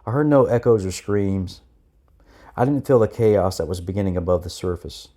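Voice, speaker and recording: A man reading his own memoir aloud with steady, plain storytelling. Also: deep voice, moderate pace. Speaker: narrator of his own military training memoir. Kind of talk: read memoir narration.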